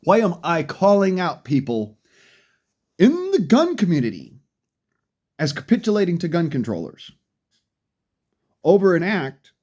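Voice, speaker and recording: Male commentator, angry profane rant, mellow low timbre, very animated pitch. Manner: profane, furious, berating.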